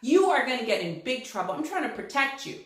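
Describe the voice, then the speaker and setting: A woman voicing the letter T as a protective male character who urges a noisy vowel to keep quiet. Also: sits high, very animated, fast talker, echoey room. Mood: urgent. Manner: urgent, pleading, hushing.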